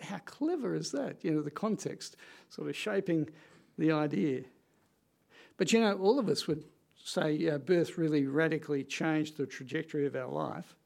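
Male preacher, slightly higher voice with a gravelly edge, earnest and conversational sermon delivery with pauses for weight. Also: darkish tone.

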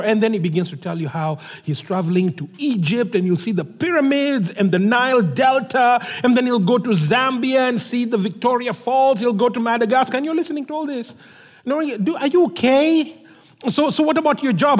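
Guy preaching, high lively voice, big echoey hall. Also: fairly quick. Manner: animated storytelling, acts out dialogue. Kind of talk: sermon.

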